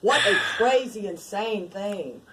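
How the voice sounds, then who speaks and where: A woman's voice: mid-range voice, animated, slow pace, fairly bright tone, poor audio. Shaken woman chiming in, faint hiss. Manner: shaken, emphatic interjections. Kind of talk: casual chat in a video.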